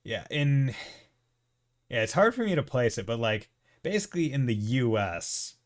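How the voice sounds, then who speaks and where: A man's voice: mid-range voice, sing-song, moderate pace. A man with a New England accent giving casual, rambling commentary over a video game, laughing often. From United States. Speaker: let's play host.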